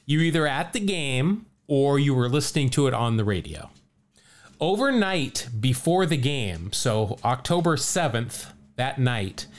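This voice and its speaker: A man hosting a podcast, telling a story in casual chat, animated and laughing often as he reads out quotes. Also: medium pitch, a little hiss or hum. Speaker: podcast host.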